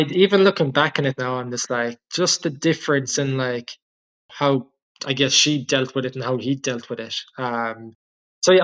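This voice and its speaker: A man in his thirties with an Irish accent, a guest cyclist telling his travel story in a relaxed, rambling way, full of "like" and "just". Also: mid-range voice, rough recording. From Ireland. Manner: rambling, filler-heavy, with frequent "like" and "just". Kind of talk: casual storytelling interview.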